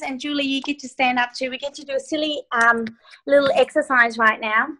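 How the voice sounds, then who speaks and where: A woman's voice: high voice, a bit bright, a little hiss or hum, rough recording. A woman life coach leading a group video call from her phone, giving upbeat, playful instructions.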